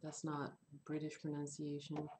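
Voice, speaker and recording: A woman teaching English in an online class, explaining slowly and rephrasing her points. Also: deep voice, completely flat delivery, background noise.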